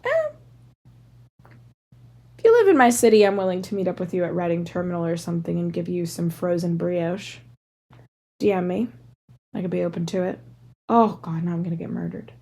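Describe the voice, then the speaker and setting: A woman's voice: lowish voice, a little fast, vocal fry, pauses often, darkish tone. A woman in her thirties hosting a solo podcast, rambling casually through tangents with lots of "like" fillers. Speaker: podcast host.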